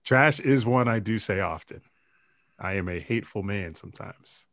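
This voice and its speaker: A man's voice: fairly low pitch, normal speed, fairly bright tone, no room sound. A young man, chatting casually with a wry, dry humor. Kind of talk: casual chat.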